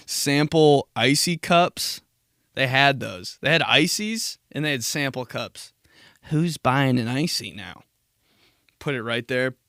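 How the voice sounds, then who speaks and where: Young male podcast host, gravelly, dry close mic, loose profane rambling. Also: medium pitch, fairly bright tone, no echo. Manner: rambling, laughing, profane storytelling. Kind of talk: casual solo podcast monologue.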